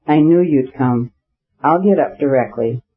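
A man's voice: medium pitch, measured pace, breathy edge. A man reading an audiobook, voicing a small, sleepy, affectionate boy in a raised childlike voice; the recording is slightly muffled. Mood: sleepy, glad.

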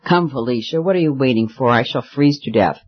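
A man's voice: mid-range voice, a little fast, husky, natural voice. A man voicing a spoiled, bored rich young woman who talks carelessly and with petulance, in a slightly muffled recording. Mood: petulant.

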